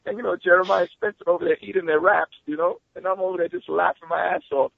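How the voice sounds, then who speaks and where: Over a tinny phone line, a male guest in a casual interview tells animated stories fast and excitably, swearing freely. His voice sits high and carries vocal fry.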